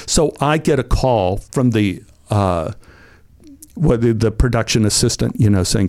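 An older man, an actor guest, telling animated anecdotes and acting out the voices of people he quotes. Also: on the low side, measured pace. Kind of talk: anecdotal storytelling.

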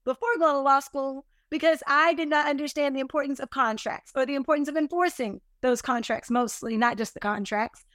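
A woman with a high, bright-pitched voice speaks as a podcast guest. She tells stories in an animated, emphatic way and pokes fun at her own mistakes. The recording is dry and close. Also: a little fast, hardly any pauses, no echo. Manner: animated, emphatic, self-deprecating. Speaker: podcast guest, business owner. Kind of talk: casual interview storytelling.

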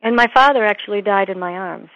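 A woman's voice: medium pitch, quick pace, a bit bright, dry recording. A woman minister being interviewed, telling a personal story earnestly and acting out the voices of the people in it. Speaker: guest, minister and author. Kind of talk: interview conversation. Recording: tinny phone-like line.

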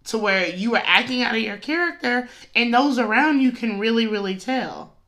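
A woman's voice: a little high, lively intonation, normal speed, a bit bright. A woman hosting a devotional podcast, chatting casually and animatedly, often breaking into laughter. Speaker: podcast host.

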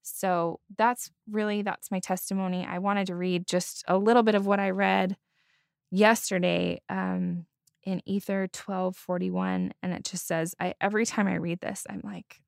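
A woman's voice: medium pitch, level tone, a little slow, vocal fry, smooth, dry recording. A woman podcast co-host sharing a heartfelt testimony, earnest and close to tears. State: holding back tears. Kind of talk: casual testimony chat.

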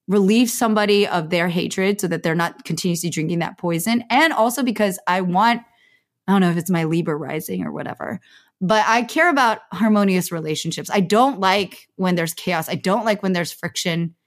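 Reflective woman in her thirties, chatty. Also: fairly low pitch. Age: 30s. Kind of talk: casual podcast chat.

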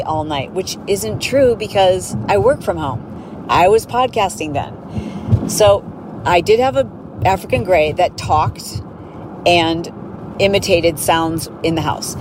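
Woman podcast host, lowish voice, animated storyteller. Recorded in a car with audible road noise. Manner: animated, acts out voices in her stories. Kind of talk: casual storytelling. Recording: clear road noise behind.

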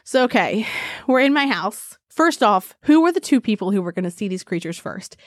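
A woman from Arizona co-hosting a casual podcast, animated, laughing often and swearing freely. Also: mid-range voice, normal speed, no room sound, clean studio sound. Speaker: podcast co-host. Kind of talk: casual chat. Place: home.

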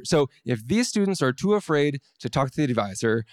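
A scientist telling a personal story to an audience, wry and self-deprecating, with halting restarts. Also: male voice, mid-range voice, very animated, no echo, studio quality.

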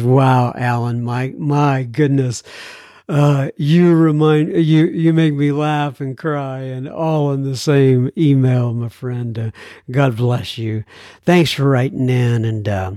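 A man's voice: mid-range voice, fairly even intonation, slow, mellow, no echo, studio quality. A man hosting a podcast, reading listener emails in a casual, earnest way, laughing often and using plenty of fillers. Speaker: podcast host.

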